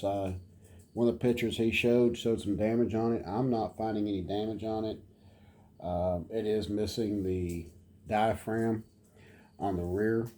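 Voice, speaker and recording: A man in a relaxed, rambling home vlog, showing off a model train car and talking to his dog now and then. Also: fairly low pitch. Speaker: model train hobbyist vlogger. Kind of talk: casual show-and-tell vlog.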